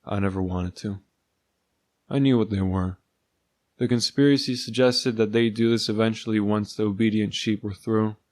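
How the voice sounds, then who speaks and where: Male storyteller, lowish voice, dry sardonic first-person read, very dry room. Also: fairly even intonation, normal speed, darkish tone, no echo. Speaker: narrator.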